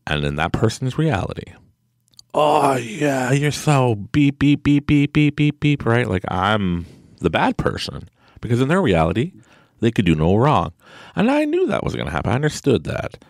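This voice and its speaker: A man talks through a casual podcast monologue in a very low, gravelly voice that rises and falls a lot. He rambles with plenty of fillers and acts out mocking quotes of other people. The sound is dry and close. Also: no echo. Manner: rambling storytelling with many fillers and mock quotes. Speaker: podcast host.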